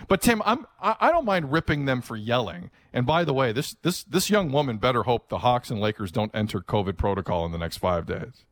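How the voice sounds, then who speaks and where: Animated sarcastic sports talk host, man. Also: medium pitch, a little fast, no echo. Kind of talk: sports radio banter.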